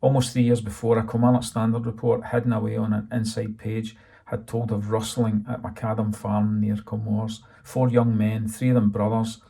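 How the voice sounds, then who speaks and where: Gravelly, low male narrator. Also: warm tone. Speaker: author reading his novel. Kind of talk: audiobook narration.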